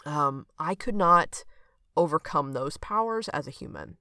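A woman's voice: deep voice, lively intonation, unhurried, bright, forceful tone, no room sound, studio quality. A woman hosting a reflective solo podcast, talking in an earnest, conversational way and often checking in with "okay?". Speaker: podcast host and coach.

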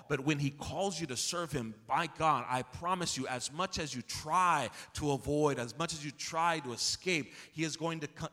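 Impassioned preacher in a reverberant church. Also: male voice, normal speed, hardly any pauses. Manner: impassioned preaching, rising to near-shouts and dropping low; calls out to the congregation for responses. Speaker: pastor. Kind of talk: expository sermon. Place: church sanctuary. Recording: long hall reverb in a church.

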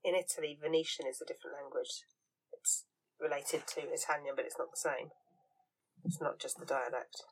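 A woman in a casual group chat who adds facts in a measured, informative way. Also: low voice, fairly even intonation, slight background noise, rough recording. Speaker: podcast panelist.

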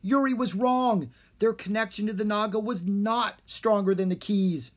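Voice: fairly even intonation, moderate pace, lightly acted. A reader doing a desperate young boy hero. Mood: alarmed. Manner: loud, high, urgent yelling. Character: frightened young boy dragon master, desperate.

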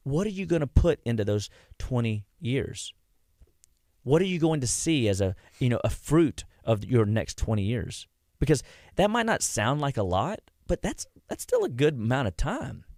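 A man's voice: mid-range voice, sing-song, moderate pace, a little mellow, no echo, clean studio sound. A middle-aged man hosting a casual radio health talk, a chatty storyteller who acts out what his patients said. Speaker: health practitioner and show host.

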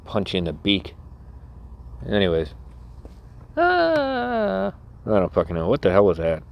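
A man's voice: sits low, steady tone, brisk, a little mellow. A man hosting a solo podcast who rambles, restarts himself and swears constantly. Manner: profane, rambling, self-interrupting. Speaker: podcast host.

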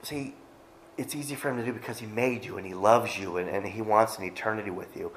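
A man's voice: on the low side, quick pace, echoey room, a little hiss or hum. A male pastor preaching a conversational sermon, with joking asides to the congregation.

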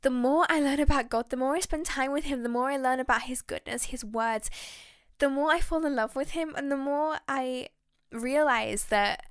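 Excitable woman with a high voice. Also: normal speed, no room sound, studio quality. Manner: excitable and heartfelt, rambling. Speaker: podcast host. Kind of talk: faith podcast monologue.

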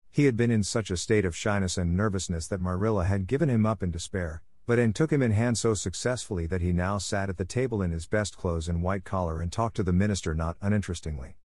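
Man, storybook narration, steady measured reading, lowish voice, dry close sound. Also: dry recording. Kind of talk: scripted narration of a classic novel.

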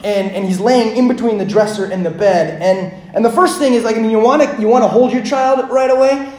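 A man with a high voice preaches in a room with a lot of echo. He talks casually, with many fillers, and swings between quiet, reflective stretches and loud, animated storytelling. He sounds like a pastor in his thirties. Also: fairly quick. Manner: conversational, filler-heavy, swinging from hushed to loud. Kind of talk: sermon with personal storytelling. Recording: echoey room.

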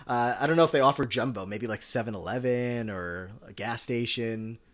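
A man co-hosts a podcast in a casual recap chat, rambling along with lots of filler words. His voice is medium-pitched and fairly bright, and he talks at a moderate pace.

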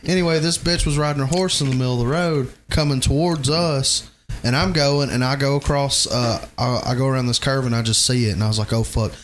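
A man's voice: medium pitch, fairly even intonation, brisk, fairly bright tone. Man, casual podcast storyteller, crude and laughing, noisy recording. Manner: profane storyteller, laughs often. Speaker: podcast host. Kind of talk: casual crude chat among friends. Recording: noisy background.

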